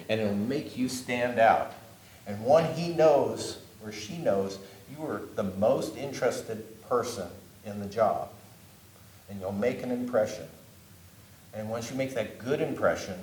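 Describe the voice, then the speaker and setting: A man's voice: mid-range voice, slight background noise. Man giving a talk in an echoey room. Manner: conversational, repetitive, lots of "okay?" check-ins. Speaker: workshop speaker on job interviews. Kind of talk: conference talk to a live audience. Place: meeting room with an audience.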